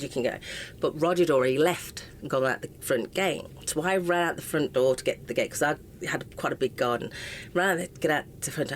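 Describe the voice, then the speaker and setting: Impassioned English woman, low voice. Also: a little hiss or hum. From England. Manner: raw and impassioned, often breaking off mid-sentence. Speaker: interview guest. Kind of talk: emotional personal storytelling.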